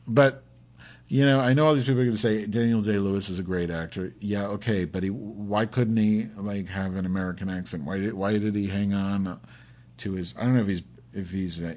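Husky, profane, rambling podcast man. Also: low voice. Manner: profane, campy, rambling, swings from mutters to excited yelps. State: has a headache. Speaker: podcast host.

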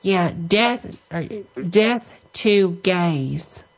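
A woman making a prank phone call, talking in a deadpan, drawn-out way. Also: on the low side. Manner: deadpan, slow and drawn-out spelling. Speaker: prank caller.

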